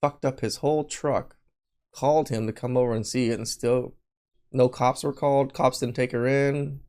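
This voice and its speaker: A podcast co-host reacting to a clip with blunt, incredulous comments and loud exclamations. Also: female voice, rumbling low, steady tone, normal speed.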